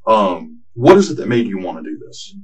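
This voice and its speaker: A man's voice: on the low side, sing-song, normal speed, a little mellow, slightly rough. A man questioning a suspect as a police detective, patient and probing, repeating questions to pin down details. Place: police interview room. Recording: distant mic in an interview room.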